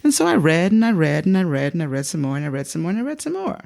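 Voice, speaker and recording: Animated, gravelly woman storyteller. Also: racing. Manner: animated, acts out quoted speech with big pitch jumps. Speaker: psychotherapist guest. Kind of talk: personal storytelling in an interview.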